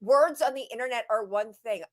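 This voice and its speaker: A woman's voice: a little high, a little fast. Aggrieved woman venting on a livestream. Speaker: livestream co-host. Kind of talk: casual chat.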